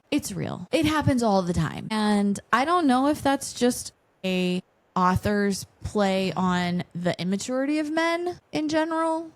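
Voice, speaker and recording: Woman, 40s, co-host; casual, animated, rambling chat. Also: mid-range voice. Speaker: podcast co-host.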